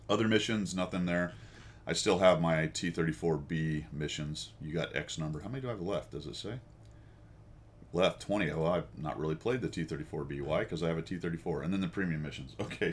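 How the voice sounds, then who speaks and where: A man's voice: low-pitched, a little hiss or hum. An American man hosting a casual chat with viewers, rambling and self-deprecating and laughing often. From United States. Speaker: host.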